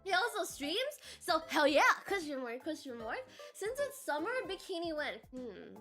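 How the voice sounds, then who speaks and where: A woman's voice: high-pitched, big pitch swings, moderate pace, fairly bright tone, soft background music. A woman streamer chatting casually with her viewers, bubbly and giggly, reading chat aloud and swearing now and then, while coming down with a cold.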